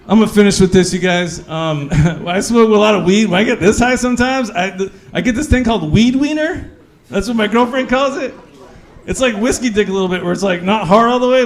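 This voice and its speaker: High-voiced man doing crude stand-up. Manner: crude, animated storytelling with sudden shouts. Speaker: stand-up comedian. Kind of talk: stand-up comedy set. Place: comedy club stage.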